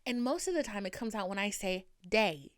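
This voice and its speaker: A woman's voice: mid-range voice, animated, fairly quick, no echo, clean studio sound. A young woman from the Boston area with a slight Boston accent, talking candidly and rambling on her solo podcast, swearing freely. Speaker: podcast host. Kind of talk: casual solo podcast monologue.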